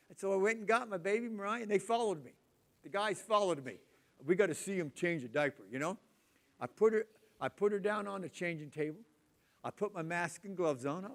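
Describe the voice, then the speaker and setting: Older guy in his 60s preaching, pretty high voice, loud and lively storytelling. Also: fairly quick. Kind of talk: sermon with personal stories.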